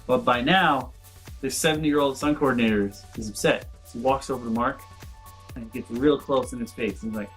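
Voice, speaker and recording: A man vlogging in a loose, chatty storyteller's voice at an average pitch. He rambles through his anecdotes with lots of asides, and soft background music plays underneath. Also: normal speed. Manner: animated, acts out quoted voices, rambling asides. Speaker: convention vlogger. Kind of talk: casual storytelling vlog.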